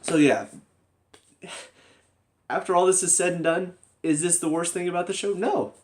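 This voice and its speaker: Young man, slightly high voice, sarcastic, exasperated, ranting TV review. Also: normal speed. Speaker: TV show reviewer.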